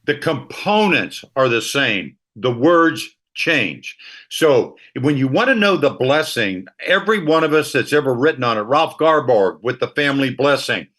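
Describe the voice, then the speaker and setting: A man's voice: medium pitch, moderate pace. A middle-aged man, a ministry leader and author, telling emotional stories as an interview guest. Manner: animated storyteller, emotional anecdotes. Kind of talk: storytelling interview talk.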